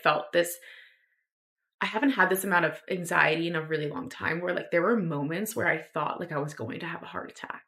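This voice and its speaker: A woman's voice: fairly low pitch, sharp tone. A young woman telling a personal story on her podcast, rambling with lots of fillers and restarts. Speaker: podcast host.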